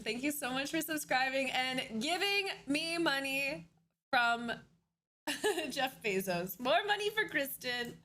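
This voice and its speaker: Chatty high-voiced young woman streamer. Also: pushed and bright, slight background noise. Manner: chatty, laughs often, greets viewers. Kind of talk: casual live-stream chat.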